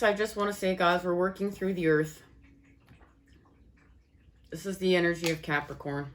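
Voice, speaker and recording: With a fairly low, fairly level voice and a faint hiss or hum in the background, a woman delivers an enthusiastic channeled astrology and tarot reading. She addresses her viewers directly as "guys" and keeps repeating herself, rephrasing lines in quick succession.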